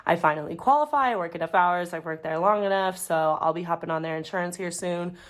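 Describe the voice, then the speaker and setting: Woman, 20s, budgeting vlogger, casual rambling chat, mutters while counting cash, lowish voice. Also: fast. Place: home, dog nearby.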